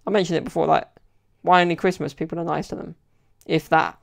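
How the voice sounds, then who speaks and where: Gravelly, flat-voiced young man. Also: on the high side, quick pace. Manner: rambling, chatty, fills with "like" and "you know". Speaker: podcast host. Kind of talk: casual solo podcast storytelling.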